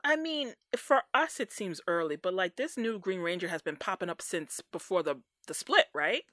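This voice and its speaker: A woman in casual podcast chat, animated and slangy, often acting out characters' lines. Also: fairly low pitch, normal speed, dry recording, studio quality. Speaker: podcast co-host.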